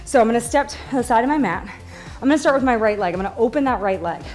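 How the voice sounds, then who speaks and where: A woman's voice: fairly high pitch, lively intonation, very fast, darkish tone, faint music behind. Breathless upbeat woman coaching a workout. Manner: upbeat, encouraging, counting reps. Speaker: fitness instructor.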